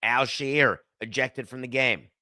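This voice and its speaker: A man's voice: mid-range voice, fairly even intonation, measured pace, bright, forceful tone, dry recording, clean studio sound. A middle-aged man hosting a sports podcast, delivering an emphatic, sardonic opinion monologue and arguing with himself. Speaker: podcast host.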